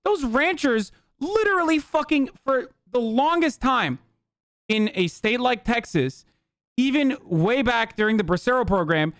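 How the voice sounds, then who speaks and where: A male streamer tears into a clip with scornful, profanity-laced sarcasm. His voice sits fairly high and sounds smooth and clean, recorded close and dry. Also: a bit bright, dry recording. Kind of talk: heated reaction commentary.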